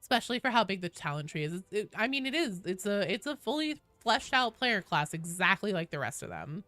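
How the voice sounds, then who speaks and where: A young woman live-streaming from a small home office, her voice bright and ringing and leaping up and down as she chats with viewers. The sound is dry and close, with no room echo. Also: mid-range voice, sing-song, fairly quick. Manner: chatty, talks to chat and her cat. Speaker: game streamer. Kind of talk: casual live-stream chat.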